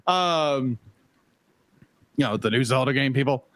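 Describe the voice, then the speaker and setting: A man's voice: mid-range voice, measured pace, fairly bright tone, no room sound. A man co-hosting a podcast in casual chat, rambling with many fillers and laughing often. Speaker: podcast co-host.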